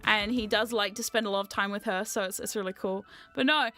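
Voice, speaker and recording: A woman vlogger chatting casually, telling animated stories, often laughing and swearing freely. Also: medium pitch, a little fast, faint music behind. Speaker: VTuber vlogger. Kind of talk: casual storytelling chat.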